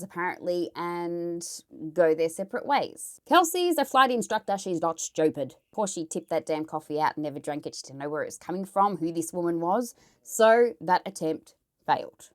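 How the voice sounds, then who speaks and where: An Australian woman telling a true crime story in a casual, chatty way, blunt and swearing as she editorialises. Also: lowish voice.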